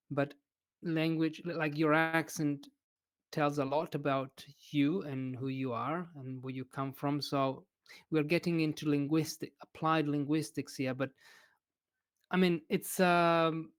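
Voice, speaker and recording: Slow-speaking man. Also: a little high, clear, resonant tone. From Italy. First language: Italian. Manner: thoughtful, hesitant, with many fillers. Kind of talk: casual interview chat.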